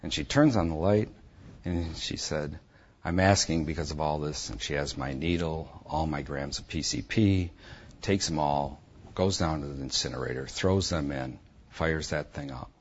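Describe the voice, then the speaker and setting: Husky low-voiced guy telling his story straight and intense, dull lo-fi sound. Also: normal speed. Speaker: speaker giving a personal testimony. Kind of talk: personal testimony storytelling.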